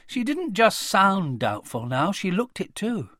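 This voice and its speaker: A man reads a children's story aloud in a playful, expressive way. His delivery is slow and unhurried, with a sing-song lift, and the close recording sounds dry with no room in it. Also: sits high, dry recording. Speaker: audiobook narrator. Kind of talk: children's audiobook reading.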